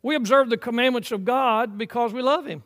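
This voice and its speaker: High-voiced older preacher, emphatic swells. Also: male voice. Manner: emphatic preaching that swells to loud peaks, then drops to quiet, drawn-out phrases. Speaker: pastor. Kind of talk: sermon. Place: church sanctuary.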